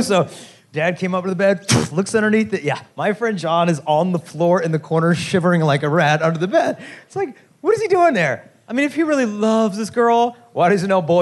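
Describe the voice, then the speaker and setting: A man in his thirties speaking to a teen assembly, telling jokey stories and talking straight to the crowd. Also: high voice. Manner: lively, jokey, addresses the crowd directly. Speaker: youth chastity speaker. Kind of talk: animated storytelling talk to a teen assembly.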